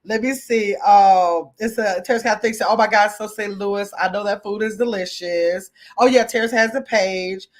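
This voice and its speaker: A woman's voice: mid-range voice, steady tone, moderate pace, hardly any pauses. A woman hosting a livestream from her computer at home, chatting casually with her viewers and reading their comments aloud. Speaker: livestream host reading chat.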